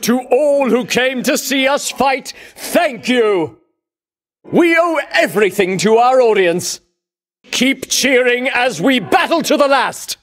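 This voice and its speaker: A vain, swaggering champion of legend for a video game, all grand theatrical boasts and taunts. The voice sits high and swings widely in pitch. He takes his time, drawing out every lofty word. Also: lively intonation, slow, a bit bright, exaggerated voice. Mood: rallying crowd. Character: pompous boastful male hero champion.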